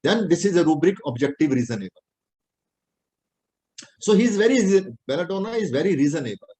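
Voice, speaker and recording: Middle-aged Indian-accented male doctor, lecturing, somewhat high pitch, plain repeated explanations. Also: very animated, brisk, dark tone, poor audio. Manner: plain-spoken, repetitive explaining, non-native English phrasing. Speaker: homeopathic doctor teaching.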